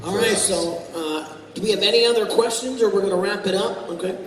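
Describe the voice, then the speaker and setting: A man's voice: sits high, fairly quick, slight background noise. A man moderating a convention panel, asking questions and wrapping up in a conversational tone. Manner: conversational, wraps up with thanks. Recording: echoey hall, far from mic, ambience.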